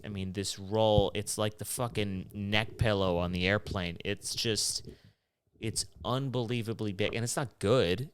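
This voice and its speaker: A young man hosting his own show, rambling through a profane, animated rant. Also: on the low side, clear, resonant tone, dry recording. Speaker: podcast host. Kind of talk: rambling solo monologue.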